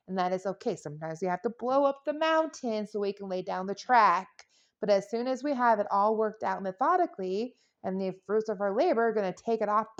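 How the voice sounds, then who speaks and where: A woman's voice: medium pitch, lo-fi sound. A woman giving a casual tarot reading, chatty and playful, rambling into jokes and silly sound effects. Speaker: tarot reader.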